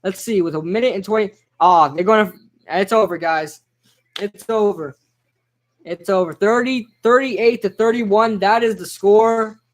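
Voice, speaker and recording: A young man casually reacting live to a football game, chatting with viewers and shouting out their names. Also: sits high, a little slow. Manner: excitable, chatty, reads out chat names. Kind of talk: casual live-stream commentary.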